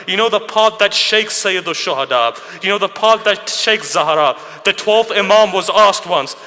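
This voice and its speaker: A man tells a sacred story as a sermon, full of feeling and rhetorical questions. His voice sits a little high and rings bright and forceful. The sound carries a long hall echo. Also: normal speed, few pauses. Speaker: speaker at a mourning gathering. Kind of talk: narrative sermon. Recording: reverberant hall.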